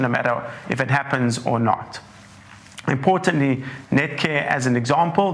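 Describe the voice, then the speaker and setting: Hoarse man presenting a webinar. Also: medium pitch, a bit bright. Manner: measured, leans on "importantly", walks through slides. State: hoarse, croaky throat. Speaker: portfolio manager.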